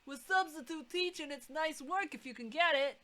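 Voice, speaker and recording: A woman's voice: high-pitched, moderate pace, pushed and bright, voice pushed up. A woman voicing a male substitute teacher in a video game with a loose, put-on Southern drawl. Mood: matter-of-fact.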